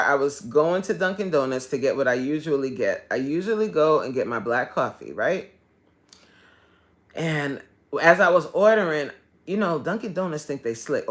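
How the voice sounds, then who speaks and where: A woman fitness coach chatting casually on a live stream, animated and loud, laughing often and swearing freely. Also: deep voice.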